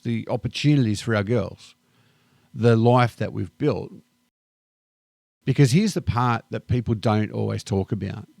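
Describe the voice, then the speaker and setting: A middle-aged Australian man with an Australian accent, reflecting calmly and thoughtfully in a personal vlog monologue. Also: medium pitch, creaky, no echo. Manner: calm, unhurried and thoughtful. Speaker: vlogger.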